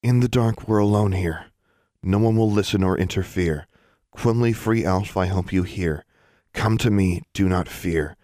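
A man voicing a sharp-tongued, defiant teenage witch girl, blunt and snappish in an audiobook. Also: low-pitched, fairly quick, no echo, studio quality, lightly acted. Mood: chanting. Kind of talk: audiobook character voice.

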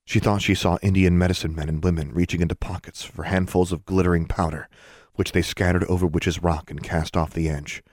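A man narrating a fantasy novel aloud in a measured, even storytelling read. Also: low-pitched, no echo, clean studio sound. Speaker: audiobook narrator. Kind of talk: scripted narration.

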